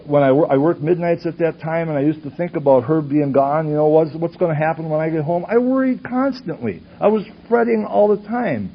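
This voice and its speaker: A man from Wisconsin telling his personal story at a recovery conference, speaking earnestly and asking rhetorical questions while his voice swings from loud to hushed. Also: a little high. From Superior, Wisconsin. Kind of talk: personal testimony talk. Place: conference hall with audience. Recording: dull lo-fi tape recording with faint hiss.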